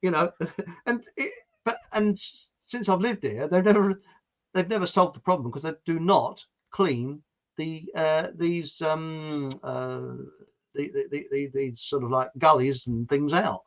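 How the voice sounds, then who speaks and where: A man from England chats casually, spinning anecdotes and breaking into laughter as he goes. His voice sits fairly high for a man. Now and then he slips into mock accents. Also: a little slow, highs cut off. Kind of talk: casual chat. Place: home.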